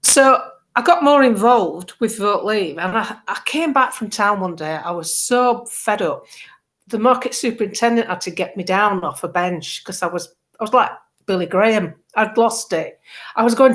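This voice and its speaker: A woman's voice: medium pitch, moderate pace. A middle-aged woman, chatting casually as a guest and acting out the quotes in her stories. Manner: animated storyteller, acts out quotes. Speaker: political campaigner, guest. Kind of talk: casual chat.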